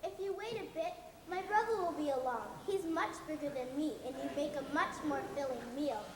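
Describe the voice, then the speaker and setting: A woman's voice: extremely high pitch, expressive, moderate pace. Woman playing a tiny pleading billy goat. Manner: pleading, small-voiced. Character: small timid hungry young billy goat. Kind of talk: live stage storytelling. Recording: echoey hall, distant mic, audience noise.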